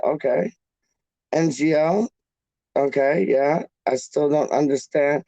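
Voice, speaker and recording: A man hosting a live stream, chatting casually with his viewers in an animated, jokey way full of slang. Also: fairly high pitch, measured pace, dry recording, dull audio. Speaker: livestream host reading chat. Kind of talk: casual chat.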